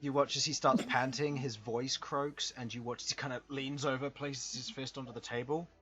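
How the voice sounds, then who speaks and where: A man narrating as game master of a tabletop game, descriptive and unhurried. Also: medium pitch, steady tone. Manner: descriptive, unhurried, chuckling between lines. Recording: dull lo-fi sound, faint music.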